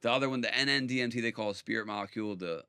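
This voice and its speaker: A man's voice: medium pitch, very fast, creaky, sharp tone, smooth, no room sound, studio quality. A man hosting a podcast, telling a personal story in an emphatic, intense way and often checking in with "right?". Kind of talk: casual podcast conversation. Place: podcast studio.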